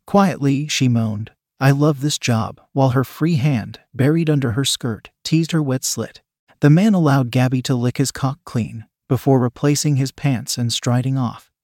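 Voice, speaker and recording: A man narrating an adult story in an even, steady reading voice. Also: medium pitch, normal speed, no room sound, clean studio sound.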